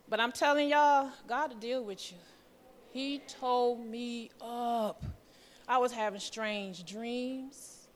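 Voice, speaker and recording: In a reverberant church hall, a woman who is a church member gives a testimony sermon, nervously and chattily telling her story and acting out the voices of the people in it. Her voice is fairly high, and she takes her time.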